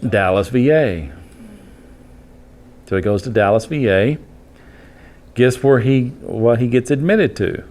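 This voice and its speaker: A man, an EMT instructor telling a case story to his class in a blunt, animated way. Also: medium pitch, measured pace, long pauses. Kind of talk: storytelling lecture.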